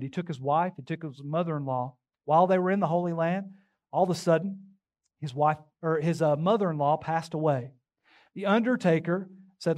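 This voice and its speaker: A man's voice: on the high side, brisk. A man preaching a sermon as pastor, emphatic and calling out to the congregation.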